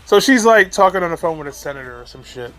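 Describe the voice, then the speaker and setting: A man's voice: on the high side, animated, quick pace, fairly bright tone. A man giving ranting video commentary, exasperated and profane, breaking into laughs between points.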